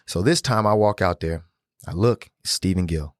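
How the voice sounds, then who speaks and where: Animated, profane man telling stories. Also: low voice, normal speed, dry recording, studio quality. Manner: animated, profane, slangy storytelling. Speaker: podcast guest. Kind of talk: casual storytelling interview.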